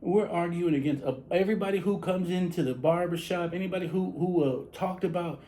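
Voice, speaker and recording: A man's voice: high-pitched, brisk, warm tone, low-quality recording. A man from San Antonio, talking casually as a barber. He rambles, repeats himself and restarts his sentences often. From San Antonio, Texas. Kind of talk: casual monologue to camera.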